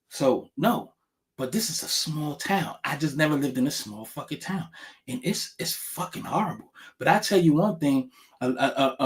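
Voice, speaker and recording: A man ranting casually to camera in a rambling, profane, animated way, with many restarts. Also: on the high side.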